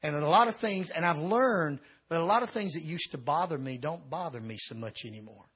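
A middle-aged man, an evangelist, telling a comic story in a sermon, swinging between shouting and quiet confession. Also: fairly high pitch, animated, fairly quick, husky. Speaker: evangelist preacher.

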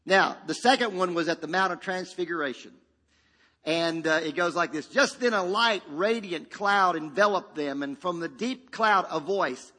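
Emphatic pastor preaching in a reverberant hall. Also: male voice, high voice, moderate pace, bright, forceful tone. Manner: emphatic, with repetitions and call-and-response. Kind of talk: sermon.

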